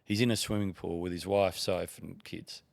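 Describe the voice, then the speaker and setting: A man's voice: low voice, fairly even intonation, moderate pace, vocal fry. A middle-aged Australian man, a TV broadcaster guesting on a podcast, telling long rambling anecdotes in casual chat. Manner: rambling anecdotes with quoted dialogue. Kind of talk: casual storytelling.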